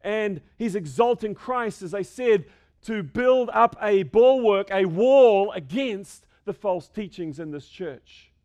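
A man's voice: sits high, animated, slow, darkish tone. A man preaching an expository sermon in a church, stressing key phrases and repeating them for emphasis. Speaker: pastor. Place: church sanctuary with a screen.

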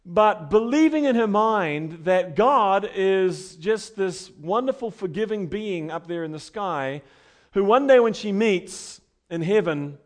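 A male pastor preaching a sermon in a conversational way, building to emphatic points and then dropping quiet. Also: high-pitched.

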